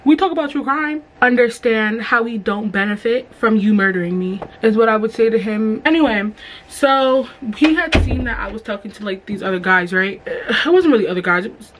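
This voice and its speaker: A woman's voice: mid-range voice, slight background noise, low-quality recording. A young woman telling a storytime while doing her makeup, chatty and profane, acting out quotes in raised voices. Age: young adult. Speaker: beauty vlogger.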